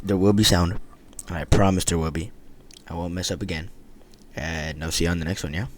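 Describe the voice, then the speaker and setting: A young man giving a casual, slangy voiceover of his gameplay as a channel host, excitable and repeating phrases for emphasis, recorded on a close mic. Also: low voice, a little fast, slight background noise.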